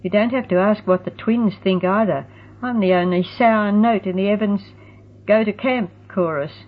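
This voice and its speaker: A woman's voice: mid-range voice, moderate pace, close to an everyday voice. A woman voicing a sulky, stubborn young teenage girl who grumbles. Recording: tinny phone-like sound.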